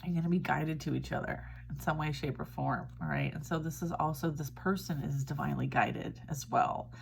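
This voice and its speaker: A woman's voice: low voice, fairly even intonation, fairly quick, vocal fry, a little hiss or hum. A woman giving a casual tarot reading, chatty and reassuring, often checking in with "all right?". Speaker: tarot reader.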